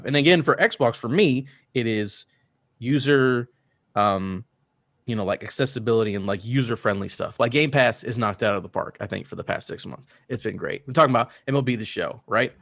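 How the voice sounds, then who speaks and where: A man's voice: mid-range voice, gravelly, a bit bright, dry recording, studio quality. A man co-hosting a gaming podcast, rambling enthusiastically while a bit drunk. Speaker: podcast co-host. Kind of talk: casual chat.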